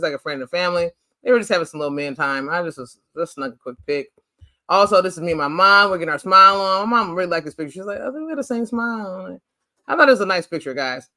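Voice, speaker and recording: High, bright-voiced chatty man. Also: no echo. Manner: rambling, chatty, heavy use of "like"; animated and playful. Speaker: host. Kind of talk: casual photo-slideshow chat.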